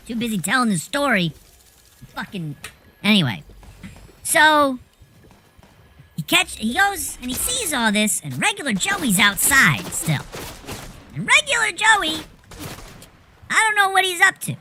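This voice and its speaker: A woman telling a rambling anecdote in a casual, animated way, swearing freely as she goes. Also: sits high, a little slow, long pauses, noisy background. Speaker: storyteller.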